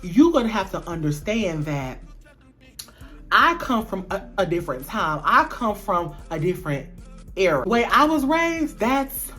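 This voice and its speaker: A woman's voice: mid-range voice, big pitch swings, a little slow, a bit bright, faint music behind. A woman voicing her older mother, tearful and pleading one moment, firm and preachy about faith the next.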